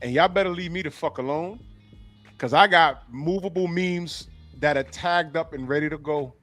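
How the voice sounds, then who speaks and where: High-voiced man roasting on a podcast. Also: moderate pace, soft background music. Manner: animated, profane, mocking. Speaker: podcast co-host. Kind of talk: casual podcast banter.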